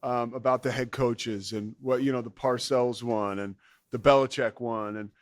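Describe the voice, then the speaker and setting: A man's voice: medium pitch, steady tone, normal speed, dry recording, clean studio sound. A man hosting a casual conversation, agreeing readily and laughing along, with frequent fillers.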